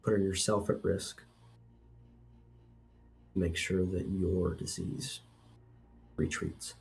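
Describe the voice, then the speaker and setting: A man narrating as game master, in a slow, measured, steady way. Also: deep voice, gravelly, slight background noise, poor audio.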